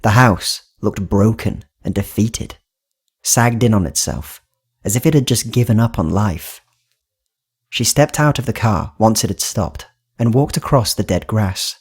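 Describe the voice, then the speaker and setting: A man reading a horror audiobook as narrator, in steady, even storytelling. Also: fairly low pitch, a little slow, husky. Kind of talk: scripted narration.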